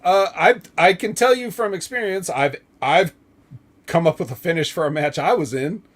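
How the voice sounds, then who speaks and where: A man's voice: high voice, lively intonation, normal speed. A man hosting a casual podcast, recapping wrestling in a loose, joking way, swearing and laughing often. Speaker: podcast host.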